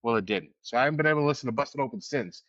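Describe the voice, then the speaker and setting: A man's voice: medium pitch, expressive, very fast, a bit bright, dry recording. A man co-hosts a casual podcast, rambling through anecdotes with frequent laughs and the odd curse. The recording is dry with no room sound. It is also a little dull and lo-fi. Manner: rambling storyteller, swears, laughs often. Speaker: podcast co-host. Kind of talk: casual chat.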